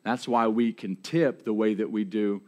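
A man's voice: lowish voice, steady tone, normal speed, a little mellow. A man preaching in a loose, conversational way, telling a personal story with frequent restarts and light laughter. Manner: conversational, repeats words and restarts often, laughs along. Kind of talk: sermon storytelling.

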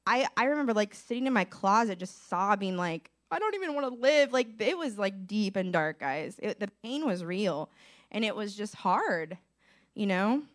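A woman's voice: mid-range voice, lively intonation, normal speed. Earnest woman giving a church testimony. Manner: earnest, conversational, asks the audience questions.

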